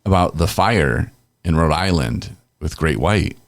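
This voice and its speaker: A man's voice: very deep voice, expressive, unhurried, no echo. A middle-aged man hosting a casual podcast, telling loose rambling stories and chuckling as he goes, on a close podcast mic. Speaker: podcast host.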